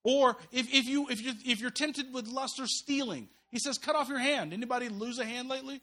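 A man, a pastor, preaching a sermon to a small church in a relaxed, joking, conversational way, leading the room in call-and-response. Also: very high-pitched, fairly quick.

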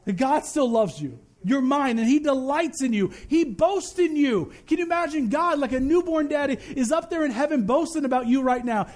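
Male pastor, sermon delivery, very high pitch, fervent and emphatic with heavy slowdowns. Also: expressive, darkish tone.

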